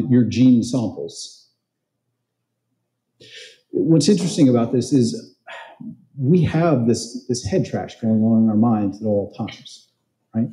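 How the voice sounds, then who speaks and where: A man's voice: mid-range voice, dark tone. A man giving a motivational talk at a conference, chatting with the audience and telling stories. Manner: conversational, quizzes the crowd, tells stories. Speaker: conference speaker and real estate trainer. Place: large event hall. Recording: roomy echo of an event hall.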